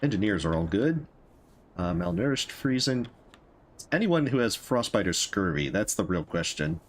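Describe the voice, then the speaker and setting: A man's voice: fairly low pitch, very animated, normal speed. Man playing a game, voicing its characters. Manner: reads dialogue in put-on voices, laughs at own lines. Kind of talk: let's play commentary with amateur character voices.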